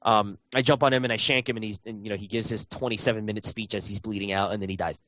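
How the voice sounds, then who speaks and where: A man's voice: lowish voice, fairly even intonation, fast talker, fairly bright tone. A man chatting casually about a video game, rambling with lots of fillers and restarts. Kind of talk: casual chat.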